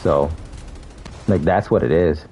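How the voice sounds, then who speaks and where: Very low-voiced laid-back young man. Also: takes it slowly, mellow, slight background noise. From South Florida. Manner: laid-back, laughs often, says "bro" a lot. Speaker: game streamer. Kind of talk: casual chat while gaming.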